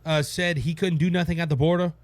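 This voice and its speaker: A man's voice: a little high, fairly even intonation, fast, dry recording. A man with a Cajun accent hosting a casual political talk show, rambling and emphatic, with frequent restarts. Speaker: podcast host.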